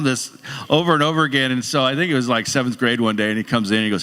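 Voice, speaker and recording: A middle-aged man preaches in a loose, conversational way, often restarting his sentences and slipping in humorous asides. His voice is bright and forceful. The sound has the long reverb of a church hall. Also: medium pitch, fairly even intonation, quick pace. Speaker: pastor. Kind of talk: casual sermon. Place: church sanctuary.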